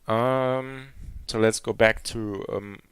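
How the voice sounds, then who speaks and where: A man's voice: medium pitch, fairly even intonation, takes it slowly, clear, resonant tone, dry recording. A man giving a live coding demo at a conference, talking hesitantly with many fillers and restarts. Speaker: conference speaker. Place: conference hall.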